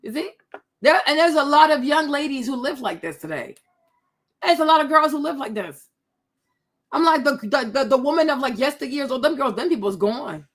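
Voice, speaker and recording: A high-voiced woman talking casually over clips she's reacting to. She is blunt and mocking, laughing often as she picks apart what she sees. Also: expressive, moderate pace. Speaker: commentator reacting to online videos.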